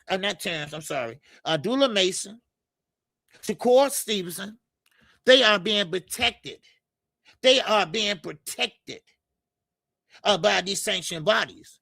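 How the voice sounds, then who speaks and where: Gravelly, high-voiced man hosting a boxing stream. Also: pushed and bright, no echo. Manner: loose and profane, lots of filler stammers. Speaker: boxing show host. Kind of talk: casual live-stream chat reading comments.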